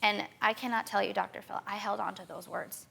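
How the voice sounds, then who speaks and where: A woman's voice: medium pitch, steady tone, a little fast, creaky, bright, forceful tone. A young woman guest on a talk show giving an urgent personal account, stumbling and restarting often. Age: young adult. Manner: urgent, tearful retelling with many restarts.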